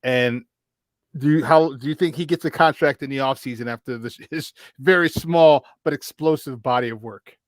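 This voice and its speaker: A man hosting a casual sports talk show, telling stories in an excitable, animated way. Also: mid-range voice, normal speed, no echo. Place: remote virtual studio.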